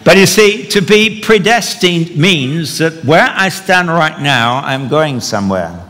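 A man's voice: fairly high pitch, lively intonation, a little slow, sharp tone. A man preaching a sermon, telling a story with wry humor as he teaches. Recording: long hall reverb.

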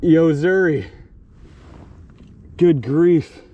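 A man vlogging from a lake shore while fishing, talking to viewers in bursts of loud exclamations and laughter. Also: on the high side, drawn-out words, highs cut off. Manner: breathless, exclaims loudly, laughs and talks to viewers. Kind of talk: excited on-the-water fishing vlog. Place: outdoors by a small lake.

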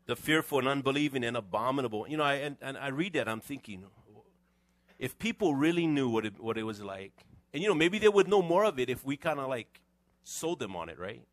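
A middle-aged pastor, preaching in a relaxed, conversational way and teasing his congregation as he goes. His voice sits at an ordinary pitch for a man. The sound is dry and close, with no room echo. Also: a little fast. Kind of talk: conversational sermon. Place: church sanctuary.

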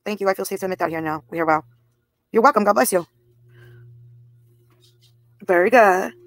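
A woman's voice: medium pitch, normal speed, dry recording. Blunt, profane woman streamer, dry sound. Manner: blunt and profane, addressing viewers' comments directly. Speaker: livestreamer. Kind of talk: live stream talk to chat.

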